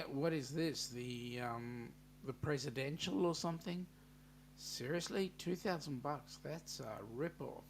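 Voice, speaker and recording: A man with an Australian accent and a slightly high voice hosts a relaxed live stream. He reads out viewer comments and banters with them in an easygoing way. A faint hum sits under the recording.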